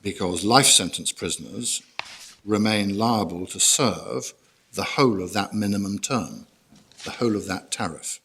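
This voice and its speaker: Formal barrister, low voice. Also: male voice, fairly bright tone, a little hiss or hum. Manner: measured, formal, guides the bench through documents. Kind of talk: courtroom legal argument. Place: court hearing room.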